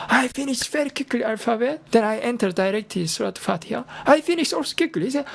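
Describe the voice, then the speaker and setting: An older Korean man with a Korean accent and a hoarse, strained voice, chatting casually as a teacher in broken English with earnest encouragement. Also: high-pitched, lively intonation, fairly quick, few pauses, slight background noise. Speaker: Arabic and Islam teacher. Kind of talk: casual livestream talk.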